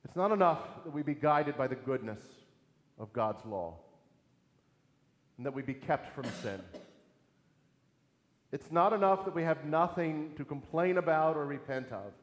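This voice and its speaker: Man preaching, earnest and emphatic, slightly high voice, roomy echo all around. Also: expressive, a little slow, pauses often. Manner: earnest, emphatic, with rhetorical questions. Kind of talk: sermon. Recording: echoey hall with long reverb.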